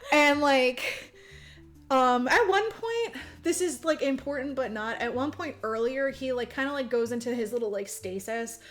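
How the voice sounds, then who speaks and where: High-voiced woman gushing through a movie recap. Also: normal speed. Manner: animated, laughing, lots of "like" fillers, swearing. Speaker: podcast host. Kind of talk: casual movie recap chat.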